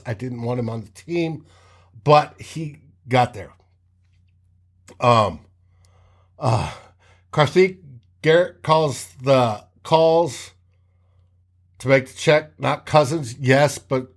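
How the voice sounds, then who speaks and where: A man hosting a casual sports talk show, telling game stories with animated re-enactments of players' shouts. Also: medium pitch. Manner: animated, acts out players' shouts mid-story.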